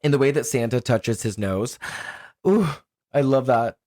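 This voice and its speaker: A man co-hosting a podcast, recapping a film plot in a casual, animated way and laughing often. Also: mid-range voice, a little slow, no echo, studio quality. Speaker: podcast co-host. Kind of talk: casual film review chat.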